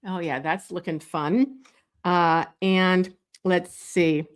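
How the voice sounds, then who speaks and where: During a live drawing demonstration, a woman with a fairly low voice slowly talks through her sketch, thinking aloud, restarting sentences and wandering off track. She's relaxed and chatty, laughing lightly and tossing small asides to viewers, like a teacher drawing beside you.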